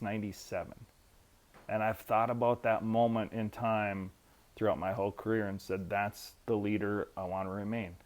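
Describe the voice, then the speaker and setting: Guy in his 50s swapping army stories, cusses a lot, mid pitch, really animated. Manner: profane and animated, acts out quotes. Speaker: guest, military veteran. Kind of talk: casual storytelling.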